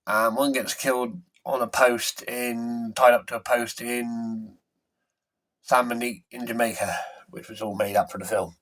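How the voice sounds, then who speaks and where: A man's voice: mid-range voice, fairly even intonation, measured pace, a bit bright. A man casually retelling a film's plot from memory, rambling and correcting himself as he goes. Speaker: film reviewer. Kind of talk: casual film recap.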